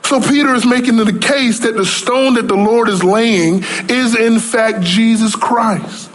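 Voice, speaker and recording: A man with a notably high voice preaches a sermon as pastor. He works through scripture with rhetorical questions and climbs in intensity as he presses his points. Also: measured pace.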